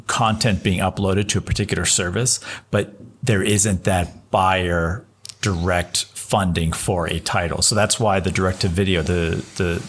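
A man co-hosting a podcast, talking through his points in a measured, agreeable way and often repeating words as he finds them. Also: sits low, a bit bright, breathy edge. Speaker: podcast co-host. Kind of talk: casual film chat.

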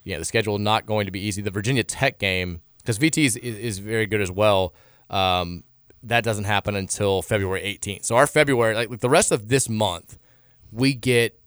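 A man's voice: fairly low pitch, fairly bright tone, clear, resonant tone, no room sound, clean studio sound. A man hosting a sports radio show in casual talk, blunt and opinionated, often stumbling and restarting his sentences. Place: radio studio.

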